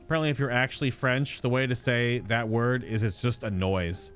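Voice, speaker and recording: A man's voice: mid-range voice, fairly even intonation, a little fast, fairly bright tone, faint music behind. A man giving casual, playful commentary while playing through a video game, joking and thinking aloud as he explores. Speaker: let's play host.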